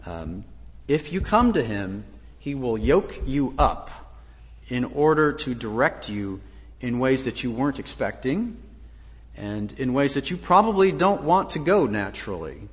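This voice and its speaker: A man's voice: medium pitch, sing-song, unhurried, long reverb tail. A man preaching a sermon as a pastor, earnest, with frequent fillers.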